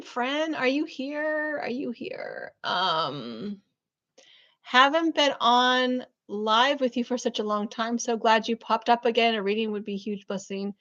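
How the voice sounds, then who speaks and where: A fairly high-voiced woman talks warmly and effusively to her live-stream viewers from her room, her chat loaded with ums and soft asides. The audio is dull and lo-fi, like a muffled online stream. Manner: warm, effusive, chatty with many fillers. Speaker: spiritual business coach hosting a live reading.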